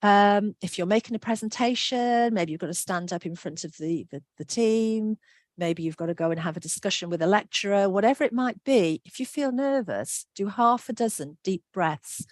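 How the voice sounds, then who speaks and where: A workshop presenter gives an online talk in a friendly, reassuring manner, reading out answers from the chat. Her voice is medium-pitched at a normal speed, with no room sound.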